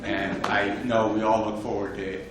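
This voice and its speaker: Man presenting awards at a conference, halting and formal, recorded off-mic in a noisy echoey hall. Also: lowish voice, flat delivery. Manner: formal, hesitant, stumbles over names. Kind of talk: conference announcement. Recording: roomy distant mic in a crowded hall.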